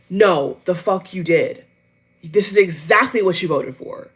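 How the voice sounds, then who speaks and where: A woman's voice: mid-range voice, expressive, moderate pace, slightly rough. A woman delivering a heated, profane reaction rant to her camera, repeating lines for emphasis. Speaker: vlogger. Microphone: headphones on. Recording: audio cutting in and out, level dropping.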